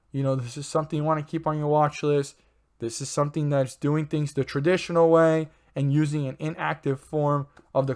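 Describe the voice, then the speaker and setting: A man hosting his own stock channel, talking in a loose, rambling way, with many fillers and self-corrections. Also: fairly high pitch. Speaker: stock market channel host. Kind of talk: casual rambling commentary.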